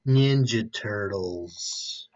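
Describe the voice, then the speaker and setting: Measured young man, muffled lo-fi audio. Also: lowish voice. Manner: measured, deliberate, weighs his words. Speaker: podcast co-host. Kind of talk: casual chat. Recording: dull lo-fi sound.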